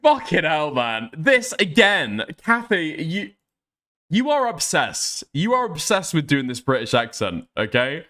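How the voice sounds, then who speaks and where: A man's voice: on the high side, big pitch swings, a little slow, bright, forceful tone. A man streaming, ranting in heated casual chat, exasperated and swearing often. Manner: exasperated, swears a lot, rants. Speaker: streamer reacting to news.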